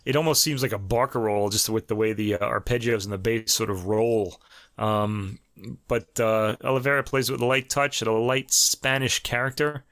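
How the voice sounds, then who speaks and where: A man's voice: on the low side, fairly even intonation, normal speed, a bit bright, dry recording, clean studio sound. A man with a New York accent chatting casually through a review of a classical piano album, full of fillers and restarts, as host of a show.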